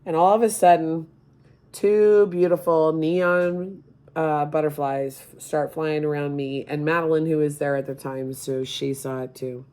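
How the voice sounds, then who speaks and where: A middle-aged woman speaking as a grieving mother, emotional and halting, near tears at times. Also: low voice, fairly even intonation, warm tone. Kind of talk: personal appeal to camera.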